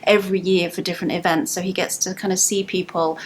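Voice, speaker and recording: A woman's voice: fairly low pitch, flat delivery, quick pace, rough recording. Woman explaining, faint hiss behind. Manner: explanatory, hedging with "kind of". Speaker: podcast co-host. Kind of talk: casual chat.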